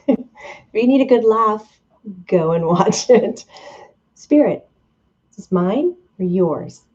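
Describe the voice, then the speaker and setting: A woman's voice: medium pitch, unhurried, dark tone, lo-fi sound. A woman hosting a live stream, chatting casually, reading viewer comments aloud and laughing often.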